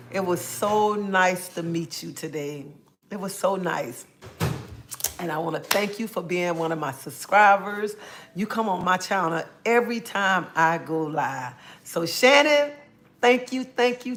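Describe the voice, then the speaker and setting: A woman hosts a relaxed livestream, calling out viewers by name and chatting easily. She sounds a little under the weather and talks into a phone or webcam mic. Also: on the low side, a little hiss or hum. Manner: greets chat viewers by name, drawn-out friendly talk. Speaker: livestream host. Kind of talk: casual livestream chat.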